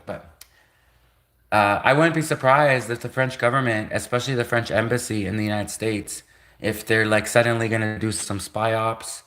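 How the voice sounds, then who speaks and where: Bright-voiced man rambling on a livestream. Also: on the low side. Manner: sarcastic, rhetorical questions, many restarts. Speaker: livestream host.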